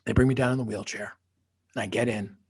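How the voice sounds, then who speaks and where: Very husky man telling his story. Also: fairly low pitch, steady tone, fast talker. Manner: emphatic, dramatic, drops to a whisper for effect. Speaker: podcast guest, author. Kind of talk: personal storytelling in an interview.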